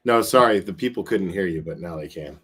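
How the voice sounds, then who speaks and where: Dude hosting a call-in stream, super animated, casual swearing, laughing along. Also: male voice, deep voice, fairly quick, husky. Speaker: host. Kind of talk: casual live-stream commentary.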